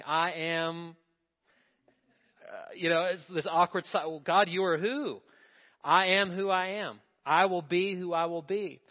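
Male pastor, emphatic sermon delivery, higher voice, echoing hall, muffled recording. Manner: emphatic preaching, rising and falling in volume. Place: church sanctuary. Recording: muffled church recording with long reverb.

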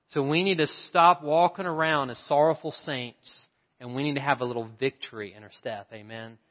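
A man's voice: on the high side, long reverb tail, highs cut off. A man preaching a sermon in a church, with emphatic rhetorical questions. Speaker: pastor. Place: church sanctuary.

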